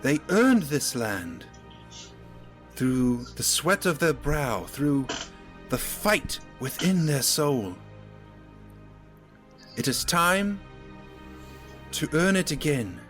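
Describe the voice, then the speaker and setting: A man's voice: a little high, sing-song, fairly bright tone, faint music behind, voice pushed up, exaggerated voice. A man voicing a solemn town leader woman. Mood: stirring, solemn. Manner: stately, solemn, slow rallying oratory. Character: commanding female town leader rallying her people. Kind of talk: tabletop game character voice.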